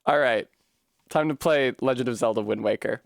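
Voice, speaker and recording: Chatting casually with his viewers during a gaming live-stream from home, this man laughs often and swears without restraint. His voice is medium-pitched and creaky, recorded cleanly with no echo.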